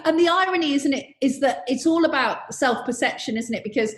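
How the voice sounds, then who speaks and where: A woman's voice: high-pitched, lively intonation, brisk. A middle-aged woman talking thoughtfully as a podcast guest, in a chatty way full of "you know". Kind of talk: reflective conversation. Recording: roomy echo.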